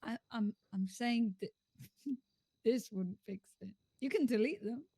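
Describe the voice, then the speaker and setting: A woman talks through police business in a role-play game, pausing on fillers and restarting her sentences. Her voice sits a little high and sounds close and dry. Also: mellow, husky, dry recording. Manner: hesitant, many fillers and restarts. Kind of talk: in-character role-play chat.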